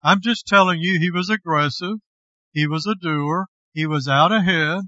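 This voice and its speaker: Slow deliberate male pastor preaching, bright voice, kinda dull lo-fi sound. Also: on the high side, dry recording. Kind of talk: sermon.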